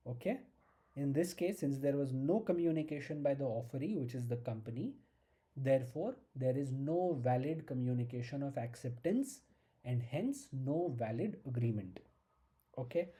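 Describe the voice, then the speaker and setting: A law lecturer with an Indian English accent giving a slow, emphatic exam-prep lesson, repeating key points and checking in with "okay?". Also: medium pitch, mellow, husky.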